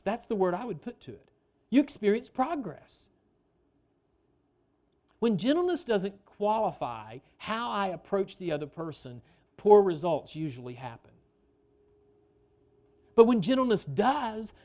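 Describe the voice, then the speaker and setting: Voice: mid-range voice, fairly bright tone. A pastor preaching a sermon in a conversational way, often asking the congregation questions and stretching out key phrases for emphasis.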